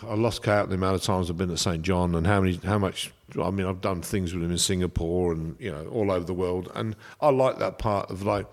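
A man's voice: deep voice, brisk, hardly any pauses. A man, a chef, chatting casually and telling rambling anecdotes. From England. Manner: rambling, anecdotal, animated storytelling. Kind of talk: casual chat.

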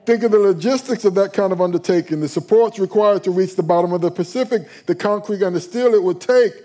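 A man voicing God in a told joke, booming and measured, with a slightly raised, louder delivery. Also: natural voice. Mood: solemn. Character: God, a lofty, patient male deity.

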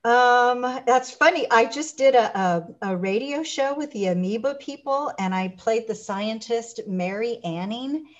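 Animated woman telling stories, lo-fi audio. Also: fairly high pitch, a little slow, few pauses. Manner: animated storyteller, acts out quotes. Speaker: guest. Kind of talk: casual interview chat.

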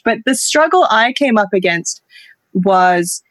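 A woman's voice: on the high side, lively intonation, a little slow, fairly bright tone, dry recording. A woman from Singapore whose accent shifts between British and American, telling stories in a reflective, casual chat and laughing often. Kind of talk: casual conversation.

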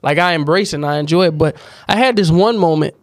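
A man hosting a casual podcast, talking calmly and reflectively and affirming his guest with soft murmurs. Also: on the high side, quick pace, dry recording, studio quality. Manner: calm, reflective, affirming listener.

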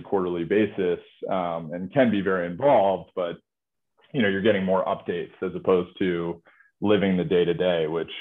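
Deep-voiced man on a tinny line. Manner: relaxed, full of filler phrases. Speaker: company executive guest. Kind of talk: conversational interview answers.

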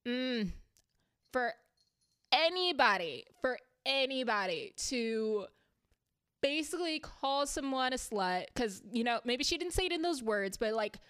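A woman talking casually and heatedly through a reality TV recap, chatty and quick to swear when annoyed. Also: high-pitched, animated, a bit bright, clear, resonant tone, no room sound.

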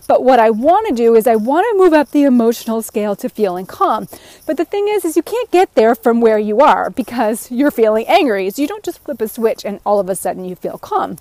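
A woman's voice: a little high, dark tone, dry recording. Earnest woman giving self-help advice. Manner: earnest, encouraging, talks in long run-on sentences. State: a bit out of breath. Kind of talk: motivational self-help talk.

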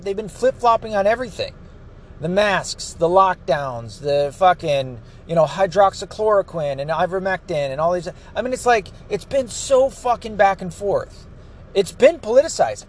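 A man with a high, swooping voice delivers an angry political rant, cursing freely. His delivery lurches up and down in pitch as he vents, and faint noise sits behind him. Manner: angry, profane, ranting. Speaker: political commentator.

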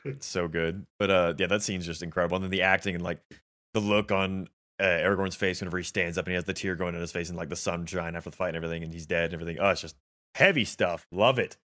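A man with a fairly low voice talks quickly, piling one thought onto the next in an easygoing chat about movies. He sounds eager and a little rambling, with plenty of fillers between his points. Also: fairly even intonation, pushed and bright. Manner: enthusiastic, rambling with many fillers. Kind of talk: casual film discussion.

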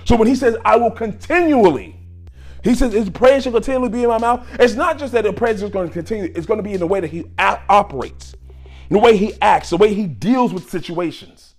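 A man preaching a sermon on gratitude in an exhorting way, moving from low talk to loud shouts. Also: fairly quick.

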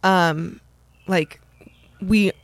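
A woman's voice: lowish voice, drawn-out words, no room sound. A young adult woman co-hosting a casual podcast, chatty, laughing often and acting out her own remarks. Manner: chatty, laughs often, quotes herself in lively voices. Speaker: podcast co-host. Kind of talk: casual chat. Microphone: studio microphone.

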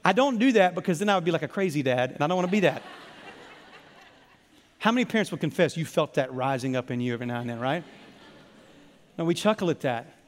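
A male pastor preaches in an animated, storytelling way and keeps calling on the congregation to repeat words back. His voice sits high for a man. A long reverb trails his voice through a large hall. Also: quick pace, long pauses, a little hiss or hum. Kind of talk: sermon.

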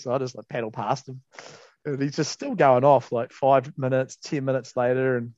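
A man's voice: medium pitch, fairly even intonation, normal speed, a little mellow, dry recording, muffled recording. A man, co-hosting a podcast and telling a casual story, laid-back, laughing often and swearing freely. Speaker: podcast co-host.

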